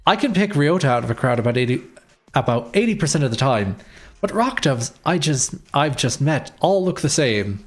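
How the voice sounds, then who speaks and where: A man's voice: mid-range voice, very animated, moderate pace. Man reading a game aloud. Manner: playful, reads all characters. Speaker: streamer. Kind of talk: reading a visual novel aloud.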